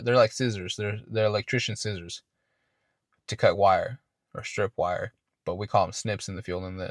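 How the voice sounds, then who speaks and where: A podcast host spins a casual, profane story in a low voice. He wanders and restarts his words often. The sound is dry and close, with no room echo.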